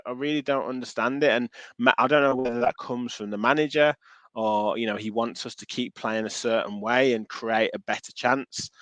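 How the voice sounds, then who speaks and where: A man's voice: medium pitch, no echo. A man co-hosting a football podcast, chatting casually and often restarting his sentences. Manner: animated, restarts phrases, reads out viewer comments. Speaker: podcast co-host.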